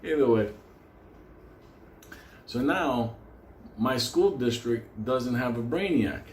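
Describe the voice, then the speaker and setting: A man's voice: mid-range voice, lively intonation, slow. A man telling a profane, comedic story in a crude, rambling way, jumping into voices for the people in it. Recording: roomy sound with faint ambient noise.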